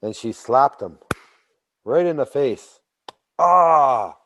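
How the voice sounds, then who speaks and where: A man telling a traditional story in a slow, deliberate way, with a mellow, dark voice. He repeats phrases and bursts into animated emphasis at key moments. The audio is slightly dull and lo-fi. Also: medium pitch, a little hiss or hum. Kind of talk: oral storytelling.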